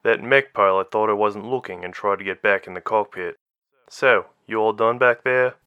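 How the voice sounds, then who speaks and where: A man reading the part of a calm, confident woman lieutenant over the radio, in an audiobook. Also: lowish voice, clear, resonant tone, no room sound, lo-fi sound, lightly acted. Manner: calm, unhurried.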